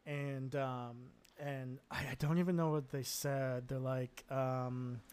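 A man's voice: medium pitch, fairly even intonation, takes it slowly, a little mellow, clear, resonant tone. An American man hosting a casual solo podcast, telling stories in a rambling, self-deprecating way with frequent chuckles and fillers. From United States. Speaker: podcast host.

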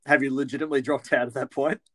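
A man's voice: medium pitch, fairly even intonation, rapid-fire, a bit bright. A man hosting a podcast, joking and bantering easily with his guest. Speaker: podcast host. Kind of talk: casual chat.

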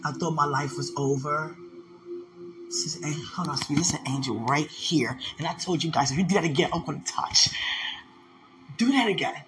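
A woman's voice: deep voice, fairly even intonation, brisk, over music. A woman in a casual spiritual vlog, speaking emotionally and prayerfully, tenderly addressing unseen listeners.

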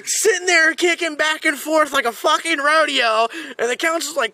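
A man telling a comic story in a profane, animated way, swearing constantly. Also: very high-pitched, brisk, hardly any pauses, dry recording. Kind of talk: comedic storytelling.

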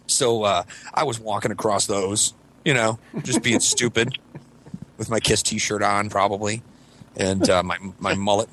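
A man's voice: fairly low pitch, fairly even intonation, a little slow, fairly bright tone, a little hiss or hum. Rambling profane storyteller man. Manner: rambling, profane, restarts often, acts out quotes. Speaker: podcast co-host. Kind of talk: casual storytelling among friends.

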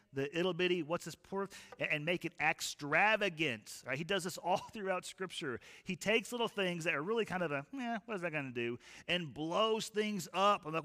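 A man preaching a sermon as a pastor, telling stories in an animated, folksy way. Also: fairly high pitch, long reverb tail.

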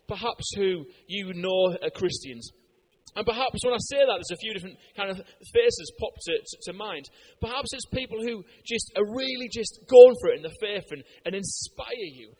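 An English man preaching a sermon in a conversational way, telling anecdotes with lively, animated delivery and frequent fillers. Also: sits high. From Britain.

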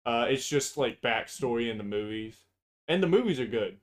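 A man with a middle-pitched voice talks in a loose, casual back-and-forth. He is blunt and profane and ready with strong opinions. He tends to wander into long tangents. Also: animated, moderate pace. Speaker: podcast co-host. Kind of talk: casual chat.

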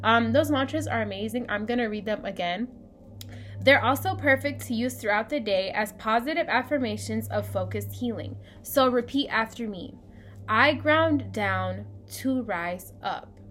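A woman's voice: on the high side, normal speed, fairly bright tone. A woman co-hosting a casual spiritual podcast, chatty and full of ums, talking to listeners as "you guys". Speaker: podcast co-host.

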